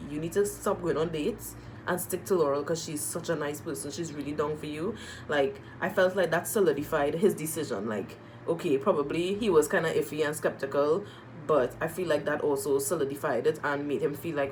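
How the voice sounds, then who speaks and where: Excitable woman reviewing a reality show. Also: sits low, a little fast, slight background noise, rough recording. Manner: animated, repeats phrases for emphasis, uses slang; moved and emotional while talking. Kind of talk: casual chat review.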